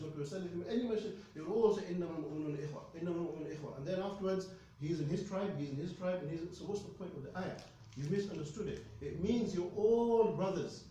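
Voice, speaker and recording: Fast-talking man teaching in an echoey room. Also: fairly high pitch, mellow, slight background noise. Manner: emphatic, keeps checking with "okay?". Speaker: Islamic studies teacher. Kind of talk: religious lesson to students. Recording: echoey room, mic at a distance.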